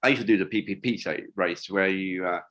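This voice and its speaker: Chatty older man, bright voice. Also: low voice, fairly quick. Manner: rambling, chatty, with many fillers and restarts. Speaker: wingsuit designer guest. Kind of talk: casual interview storytelling.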